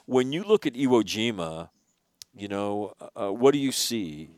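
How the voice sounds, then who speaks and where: A man hosting an interview, telling a long story in a casual, animated way and swearing now and then. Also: lowish voice, measured pace, no echo, clean studio sound. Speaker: podcast host.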